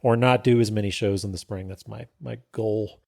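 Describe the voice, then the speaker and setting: A man co-hosting a podcast in casual chat, easygoing and quick to laugh. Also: fairly low pitch, fairly even intonation, gravelly, a little mellow, no room sound, studio quality. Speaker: podcast co-host.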